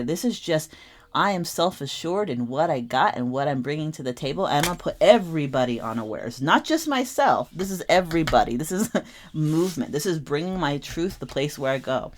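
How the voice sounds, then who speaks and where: Young female tarot reader, deep-set voice, expressive and repetitive delivery. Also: fairly quick, a little hiss or hum. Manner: animated, repeats phrases for emphasis. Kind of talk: casual tarot reading monologue.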